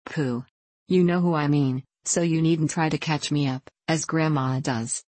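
Woman reading as a cocky prankster boy, slow smug drawl, lowish voice, dry close sound. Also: steady tone, a little mellow, no room sound. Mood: teasing. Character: mischievous teasing boy, cocky and bossy.

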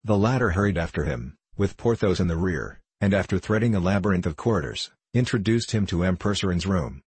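A man narrating a classic novel as an audiobook in a measured, even reading. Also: low-pitched, slightly rough, no room sound.

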